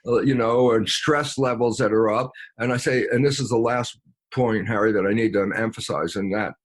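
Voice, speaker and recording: A male interview guest, medium-pitched and husky with a slight breathiness, gets animated as he explains. Small chuckles creep into his speech, he plays both roles in imagined exchanges with himself, and filler sounds come up often.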